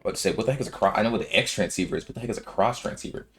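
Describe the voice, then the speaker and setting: A man's voice: on the low side, very fast, soft background music. A man in his twenties giving rambling, slangy commentary while playing a video game. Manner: rambling, filler-heavy, slangy. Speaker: let's-play gamer. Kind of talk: casual gameplay commentary.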